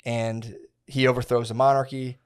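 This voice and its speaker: A man's voice: mid-range voice, little pitch movement, moderate pace, clear, resonant tone. A man in his thirties co-hosting a casual podcast, telling a long history story with slang, swearing and many restarts. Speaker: podcast co-host.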